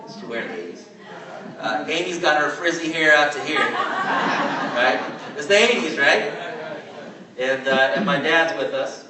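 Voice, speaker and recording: A man from California in his forties, telling a story to a live audience at a training event in a chatty, animated way and asking "right?" again and again. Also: fairly high pitch, a little slow, long pauses, heavy background noise. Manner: chatty, animated, asks "right?" often, laughs as he talks. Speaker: network marketing trainer. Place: large hall with an audience. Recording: very echoey hall, mic far off.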